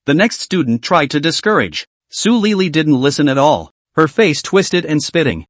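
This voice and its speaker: A man's voice: a little high, big pitch swings, normal speed, hardly any pauses, no echo. A man narrating a scripted comic story recap in a dramatic storytelling manner.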